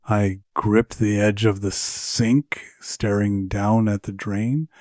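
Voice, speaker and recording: A man narrating a scripted horror story in measured, steady storytelling. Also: fairly low pitch, no echo, clean studio sound.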